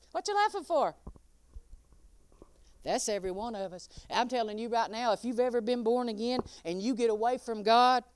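A woman's voice: a little high, smooth, no room sound. A woman preaching a sermon, laughing often and calling out listeners by name.

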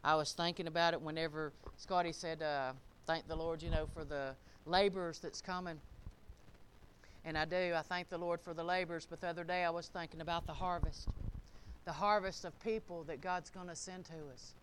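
A woman's voice: lowish voice, fairly even intonation, a little fast, a little hiss or hum. A woman preaching an informal sermon to her congregation, folksy and asking the listeners questions. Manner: folksy, talks straight to the listeners, asks them questions. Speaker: church speaker.

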